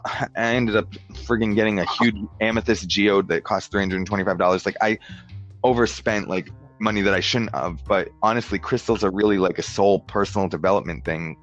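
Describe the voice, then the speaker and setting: Low-voiced guy rambling casually, lots of like, acts out the dialogue, muffled lo-fi sound. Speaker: podcast guest. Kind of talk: casual chat.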